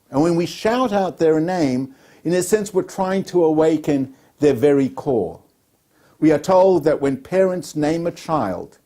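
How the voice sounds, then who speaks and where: Animated, mellow-voiced rabbi teaching. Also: male voice, on the high side. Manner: storytelling teacher who mixes jokes into explanation. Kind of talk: weekly Torah lesson. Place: Melbourne.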